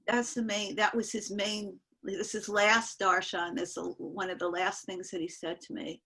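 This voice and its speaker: An older woman sharing memories on a video call, speaking earnestly and haltingly with many fillers. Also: medium pitch, steady tone, bright, forceful tone, slightly rough. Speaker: panel guest sharing memories. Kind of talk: casual storytelling on an online call.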